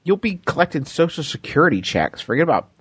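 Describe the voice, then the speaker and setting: A man's voice: on the high side, very animated, quick pace, a bit bright, husky, no echo. A man co-hosting a comedy podcast, giving joking advice in casual chat and laughing often. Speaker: podcast co-host.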